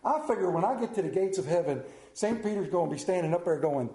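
A male pastor preaches in an animated, self-deprecating way, acting out the scripture as he goes. His voice sits fairly high. The sound carries a roomy echo from the hall. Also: fast talker, hardly any pauses. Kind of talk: sermon.

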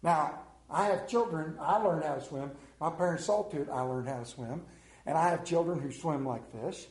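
A middle-aged male pastor preaching a sermon, telling the story with lively acted-out scenes and sudden drops to a hush. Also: moderate pace. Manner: animated storytelling, acts out scenes with big pitch swings. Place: room with a congregation. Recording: echoey room.

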